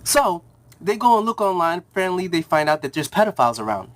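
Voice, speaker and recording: A man's voice: sits high, very animated, quick pace. Slangy, rambling young man recapping a show. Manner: rambling, slangy retelling with acted quotes. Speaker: TV reviewer. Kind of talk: casual episode recap.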